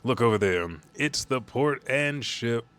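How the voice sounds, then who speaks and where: A man's voice: mid-range voice, unhurried, fairly bright tone, clean tone, pitched above the performer's own voice, lightly acted. A man voicing a sick, twisted male villain who taunts in a sing-song way while reading a comic aloud. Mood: gloating.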